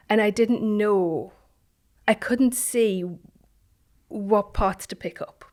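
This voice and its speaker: A woman, a guest telling a personal story in an interview, reflective and halting, with many restarts and phrases that trail off softly. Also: mid-range voice. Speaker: guest, founder of an online business community.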